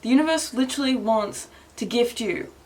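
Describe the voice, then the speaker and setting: Chatty, swearing Australian-born tarot reader. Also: female voice, on the high side, normal speed, a little mellow. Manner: rambling, swears freely, laughs often, many "like" fillers. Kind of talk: casual tarot reading.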